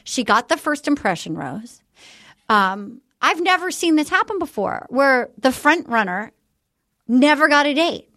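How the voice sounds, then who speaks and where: Animated high-voiced woman podcast host. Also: a little slow. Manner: animated, acts out what others said in voices. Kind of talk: casual chat.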